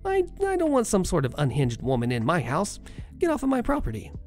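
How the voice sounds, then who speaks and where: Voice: medium pitch, huge pitch swings, fairly quick, a little mellow, faint music behind. A storyteller voicing an angry ex-army father defending his home, who speaks in an indignant, demanding way.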